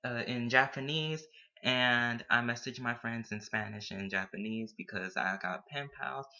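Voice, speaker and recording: A man's voice: mid-range voice, unhurried, sharp tone. A young man, a student, talking casually to camera and playfully dropping Spanish words into his English. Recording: dull lo-fi recording.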